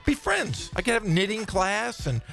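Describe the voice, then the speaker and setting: A man's voice: high voice, big pitch swings, normal speed, creaky, bright, forceful tone, faint music behind. A man co-hosting a radio sports show, joking and exaggerating in casual banter on a studio microphone.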